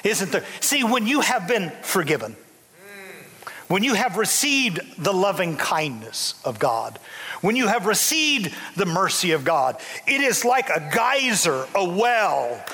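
Fervent high-voiced preaching man. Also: sing-song, measured pace, pushed and bright. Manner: fervent, emphatic, repetitive. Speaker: bishop. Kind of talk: sermon. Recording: long hall reverb.

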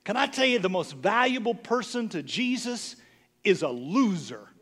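A man's voice: high-pitched, animated, moderate pace, a bit bright, slightly rough. A middle-aged man preaching a sermon as a bishop, snarky and conversational, teasing his listeners.

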